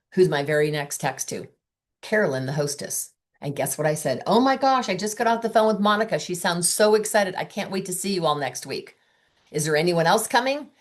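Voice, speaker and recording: Low voiced middle aged lady, sales coach telling stories, does all the back and forth quotes herself. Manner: chatty storytelling, quotes both sides of conversations. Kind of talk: training talk with acted-out dialogue.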